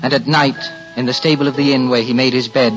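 A man narrating a storybook tale with expressive, swinging delivery. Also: mid-range voice, quick pace, lo-fi sound, over music.

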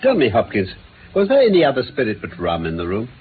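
An actor playing a sharp, teasing gentleman detective in a radio drama, speaking in a crisp, theatrical manner. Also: medium pitch, quick pace. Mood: brisk. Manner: crisp, theatrical, lively speech. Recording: tinny phone-like radio broadcast with faint hiss.

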